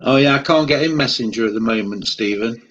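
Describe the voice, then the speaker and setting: A man's voice: mid-range voice, quick pace, a bit bright, lo-fi sound. A man co-hosting a casual live chat stream, teasing and easygoing in his banter.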